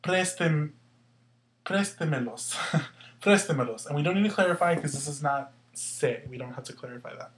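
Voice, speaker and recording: A man teaching a language lesson step by step, asking questions and answering them himself and slowly sounding out words to show where the stress falls. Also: on the high side. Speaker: Spanish teacher. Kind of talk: explaining grammar step by step.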